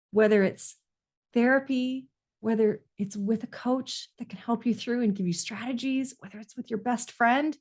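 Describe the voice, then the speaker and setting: A woman's voice: mid-range voice, darkish tone. A woman parenting coach talking straight to parents, earnest and confiding, often repeating a phrase for emphasis. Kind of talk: heartfelt solo talk to parents.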